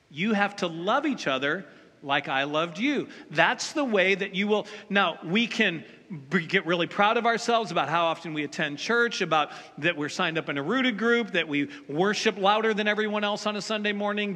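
A man's voice: high voice, pushed and bright. A man preaching a sermon as pastor, speaking emphatically and directly to his congregation. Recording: long reverb of a large hall.

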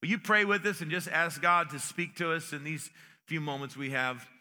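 A man's voice: a little high, moderate pace, sharp tone, long reverb tail. A man preaching a sermon in a church, folksy and joking in manner, with many restarts. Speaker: pastor. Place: church sanctuary.

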